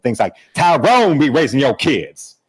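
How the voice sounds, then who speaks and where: A man doing a loud, profane impression of a swaggering grown man trading insults. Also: medium pitch, big pitch swings, a little slow, slightly rough, exaggerated voice, poor audio. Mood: taunting. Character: brash, swaggering grown man trash-talking.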